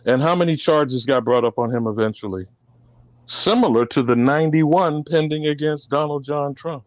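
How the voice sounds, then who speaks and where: A man giving impassioned commentary, preachy and emphatic, his voice swinging from loud to soft. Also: on the high side, normal speed, no room sound, lo-fi sound.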